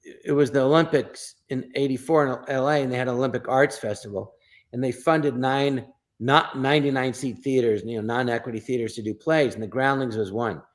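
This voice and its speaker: A man, a guest comedian, telling anecdotes and acting out the people in them with animated bursts. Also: mid-range voice, a little fast. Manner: acts out quoted voices in animated bursts. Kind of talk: storytelling anecdotes.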